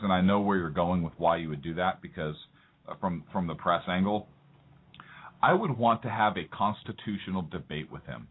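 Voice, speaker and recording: A man's voice: deep voice, normal speed, slightly rough. A man co-hosting a radio talk show, teasing and rambling through political banter. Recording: phone-like narrow audio.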